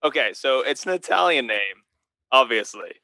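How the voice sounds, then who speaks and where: A man's voice: medium pitch, lively intonation, normal speed, vocal fry, pushed and bright, no room sound. A man, a priest, co-hosting a podcast in casual chat, teasing and encouraging. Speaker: priest co-host.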